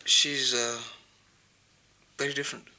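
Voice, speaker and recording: A man's voice: medium pitch, level tone, a little slow, pushed and bright. An actor playing a boastful, flirtatious male film star with an Indian accent, breezily mixing Hindi into his English. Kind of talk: 1990s TV drama acting.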